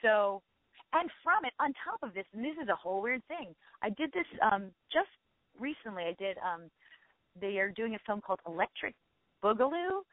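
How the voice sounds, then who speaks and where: A middle-aged actress with a mid-range voice and big pitch swings talks effusively as an interview guest, restarting sentences and fixing her words on the fly. It's casual chat, captured on a dry, tinny phone line with no room sound.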